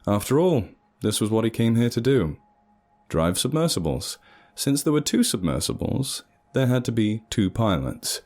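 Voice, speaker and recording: A man narrating a story in an animated, sardonic way. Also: mid-range voice, moderate pace, faint music behind.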